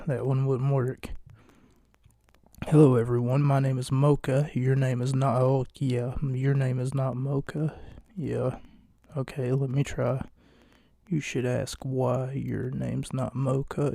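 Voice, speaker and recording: A man hosting a casual solo wrestling podcast late at night, talking in a hushed, jokey, rambling way from a home recording space. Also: mid-range voice, level tone, takes it slowly, vocal fry, no room sound, clean studio sound. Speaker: podcast host.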